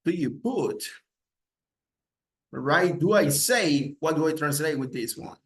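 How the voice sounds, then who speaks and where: A man's voice: fairly high pitch, expressive, takes it slowly, fairly bright tone. A man teaching English grammar to Spanish speakers, repeating example questions with rising intonation and switching between English and Spanish. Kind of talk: slow recorded grammar lesson.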